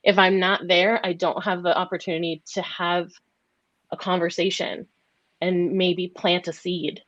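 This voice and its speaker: A woman's voice: fairly low pitch, little pitch movement, measured pace, a bit bright, no echo, highs cut off. A woman speaking earnestly and with measure in a casual group discussion, repeating her points for weight. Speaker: podcast panelist.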